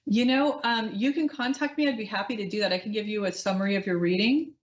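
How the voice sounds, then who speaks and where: Gentle psychic radio host woman. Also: medium pitch, quick pace, muffled recording. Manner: gentle, reassuring, many ums. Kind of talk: live call-in psychic reading.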